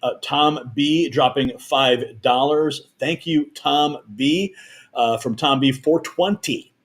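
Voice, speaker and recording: A man hosting a live political news stream, reading out viewer donations and messages in a chatty, energetic manner. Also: a little high. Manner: energetic, chatty, reads viewer messages aloud with quick asides.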